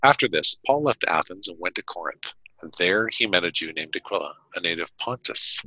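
Man reading scripture on a Bible talk show. Deep, animated, jokey. The sound is dry. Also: fairly quick, dry recording, low-quality recording. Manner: jokey, reads passages aloud. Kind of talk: casual Bible study chat with scripture reading.

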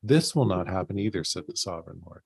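A man's voice: sits low, animated, quick pace, gravelly, breathy edge, no echo, low-quality recording. A man co-hosting a Bible study, reading scripture aloud plainly and joining the discussion with short remarks. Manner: reads scripture aloud plainly, brief agreeing replies. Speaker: Bible study co-host and reader.

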